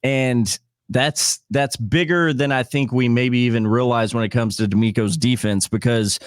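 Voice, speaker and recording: A man's voice: mid-range voice, fairly even intonation, moderate pace, dry recording, studio quality. A man talking as a guest on a casual sports podcast, enthusiastic, with stammering restarts.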